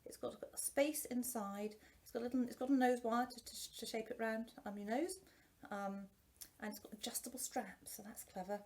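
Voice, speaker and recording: A woman's voice: fairly high pitch, steady tone, moderate pace, darkish tone. A woman and singing teacher chatting through a face mask, self-deprecating and full of restarts, her voice a little muffled. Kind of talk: casual product review.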